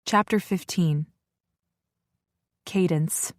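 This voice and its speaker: A woman narrating a romance audiobook in first person, reflective and even. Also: lowish voice, unhurried, dry recording, clean studio sound.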